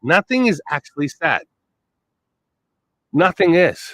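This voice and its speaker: A man's voice: fairly high pitch, big pitch swings, slow pace, sharp tone, no room sound, low-quality recording. A man rambling through a blunt, profane monologue, swearing constantly and trailing off before picking his thread back up. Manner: wandering, trails off and restarts.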